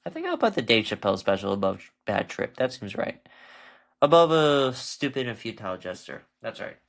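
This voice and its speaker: Man, stuffed nose, middle pitch; casual meandering film review for a tier list, halting and digressive. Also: wildly swooping pitch, gravelly. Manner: rambling, loses his train of thought.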